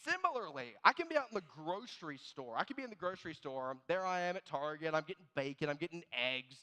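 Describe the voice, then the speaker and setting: A man preaching a sermon as pastor, animated and storytelling, dropping low and quiet on key words. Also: quick pace. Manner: animated storyteller, acts out both sides of little scenes. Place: church sanctuary. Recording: long reverb of a church hall.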